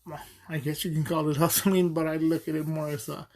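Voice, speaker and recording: A podcast host delivers a loose, rambling monologue in a slightly high, creaky voice with a darkish tone and little pitch movement. Talking a little fast, he drifts through his stories with plenty of ums and restarts, often chuckling along the way.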